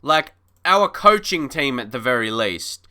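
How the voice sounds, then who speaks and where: A man's voice: mid-range voice, big pitch swings, measured pace, pushed and bright. A man commentating casually on a live stream of a football management game, chatty and mock-frustrated, laughing and talking to his chat.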